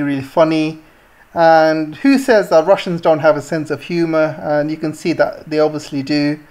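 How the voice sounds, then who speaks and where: A woman's voice: sits low, darkish tone. A woman vlogger giving scornful, indignant political commentary, with many fillers and restarts. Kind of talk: ranting commentary.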